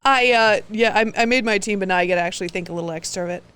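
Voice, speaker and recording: A woman's voice: medium pitch, very fast, a bit bright, clear, resonant tone. A woman co-hosting a podcast, chatting casually and teasing with a laugh. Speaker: podcast co-host. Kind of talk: casual chat.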